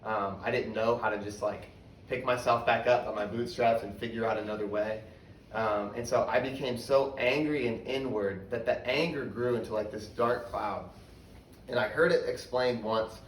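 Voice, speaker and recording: A young man giving a candid personal testimony in a sermon, often dropping to a hushed voice. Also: fairly low pitch, steady tone, moderate pace, slight background noise. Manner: candid, storytelling, drops to a hushed voice for hard memories. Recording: roomy, from a distance, faint ambience.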